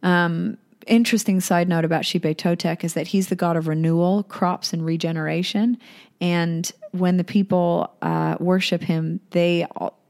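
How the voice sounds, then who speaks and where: A woman's voice: lowish voice, steady tone, normal speed, gravelly, a little mellow. A young woman casually retelling a myth, irreverent and chatty, with swearing and asides. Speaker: storyteller.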